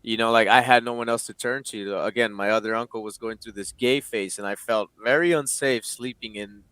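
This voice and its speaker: In an interview, a guest in his late twenties tells a painful personal story with candor and emotion, swearing freely and acting out the dialogue he quotes. His medium-pitched voice is brisk, smooth and slightly bright, with fairly even intonation and no echo.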